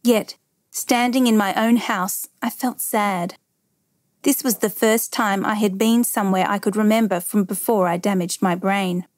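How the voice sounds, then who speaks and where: A woman reading a first-person memoir aloud as narrator, measured and steady. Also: mid-range voice, dry recording, studio quality.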